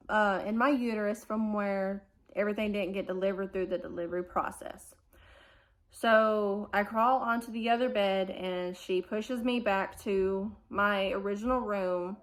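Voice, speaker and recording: A woman, telling a family vlog storytime and acting out the people in it. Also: mid-range voice. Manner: animated retelling, acting out quoted dialogue. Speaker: family vlogger. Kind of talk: storytime recounting a hospital stay.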